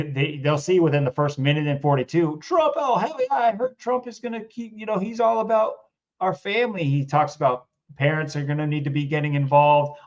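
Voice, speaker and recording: Male podcast co-host with a mid-range voice, sarcastic and chatty, on a slightly muffled recording. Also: medium pitch. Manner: sarcastic, amused, rambling with restarts. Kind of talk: casual commentary reacting to a video.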